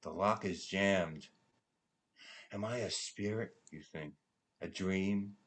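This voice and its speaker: A man with a low, deep voice gives a measured reading of a prose poem. He lets phrases fall away into hushed, almost whispered endings, taking his time over every line. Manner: hushed, trailing into near-whispers at line ends. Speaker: poetry reader at a benefit concert. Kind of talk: slow dramatic recitation of a prose poem.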